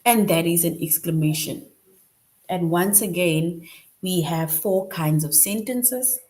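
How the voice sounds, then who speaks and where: A woman with a slightly low voice walks young students through a grammar lesson. She explains patiently and keeps checking in with a quick "right?". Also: a little mellow. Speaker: teacher.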